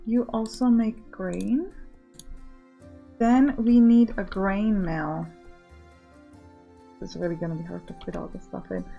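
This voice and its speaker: A woman's voice: fairly high pitch, mellow, dull audio. A woman hosting a let's play, talking casually as she thinks aloud and gives orders to her game workers. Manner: chatty, thinking aloud, bossing game units.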